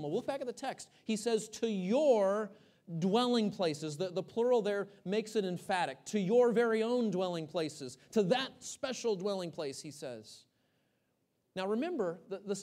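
A man from Texas preaching a sermon to his congregation. He swings from loud emphasis to hushed, almost whispered phrases, asks the room questions and often repeats words as he restarts a thought. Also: sits high. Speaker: pastor.

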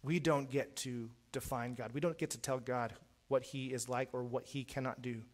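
A middle-aged man preaching a sermon in an earnest way, repeating words as he starts phrases and swinging from quiet to loud. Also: mid-range voice, fairly even intonation, normal speed.

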